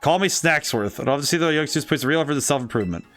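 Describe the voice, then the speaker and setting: A chatty old man with homespun sayings who hands out snacks, read aloud by a man with a dry throat. His voice sits a touch high and cracks now and then. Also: animated, rapid-fire, a bit bright, faint music behind. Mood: folksy.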